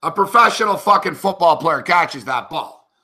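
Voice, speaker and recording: A man's voice: a little high, animated, normal speed, pushed and bright. A man, a sports betting analyst, giving frustrated, profane live reactions to a football game.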